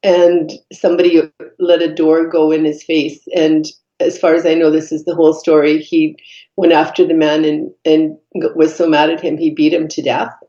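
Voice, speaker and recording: Woman, podcast guest, reflective storytelling, lowish voice, muffled roomy sound. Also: flat delivery, mellow. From Canada. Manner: earnest, reflective, halting with fillers. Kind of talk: personal storytelling in conversation. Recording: dull echoey room recording.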